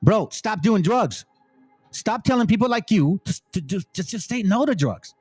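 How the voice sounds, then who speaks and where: A man with a somewhat high voice delivers blunt, emphatic commentary on video clips, cursing freely. He slows into a stately cadence when he reads scripture aloud. Faint music plays underneath. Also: expressive, a little mellow, slightly rough, dry recording. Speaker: channel host, commentator.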